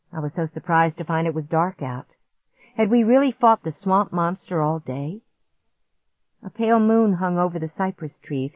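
A woman narrating a storybook in a measured, vivid first-person reading. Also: deep voice, no echo. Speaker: audiobook narrator. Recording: dull muffled audiobook recording.

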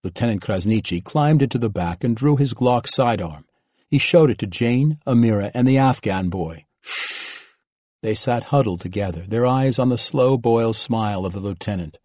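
Man narrating audiobook, low voice, steady even delivery, dry close recording. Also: no room sound. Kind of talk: scripted narration.

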